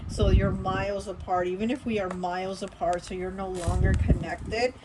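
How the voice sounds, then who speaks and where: Woman tarot reader, chatty and rambling, mid-pitched, steady background hiss under the voice. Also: normal speed. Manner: chatty, rambling, many fillers and restarts. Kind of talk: casual tarot reading monologue.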